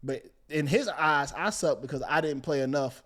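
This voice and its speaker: A man's voice: on the high side, moderate pace, fairly bright tone. A man, a DJ co-hosting a casual podcast, talking candidly and emphatically in slang. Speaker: DJ and podcast co-host.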